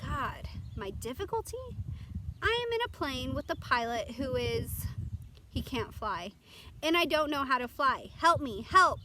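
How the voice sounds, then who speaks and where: A woman's voice: on the high side, normal speed, background noise, lightly acted. Woman voicing a frantic teenage boy. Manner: frantic, pleading, shouting. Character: panicked teenage boy alone in a plane.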